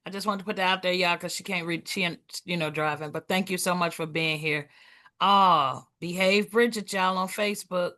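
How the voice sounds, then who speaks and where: A woman's voice: fairly low pitch, steady tone, normal speed, pushed and bright. A woman co-hosting an open mic on a video call, chatty while organizing the lineup.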